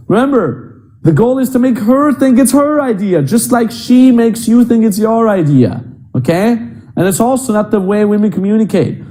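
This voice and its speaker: A man's voice: high-pitched, dark tone. A young adult man coaching other men on dating in a blunt, emphatic and profane way. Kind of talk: coaching monologue.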